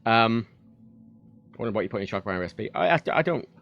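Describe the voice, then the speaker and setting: A man's voice: lowish voice, expressive, quick pace, muffled recording. Rambling man streaming. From United Kingdom. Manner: rambling, frank, many fillers and restarts. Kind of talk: casual livestream chat. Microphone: desk microphone.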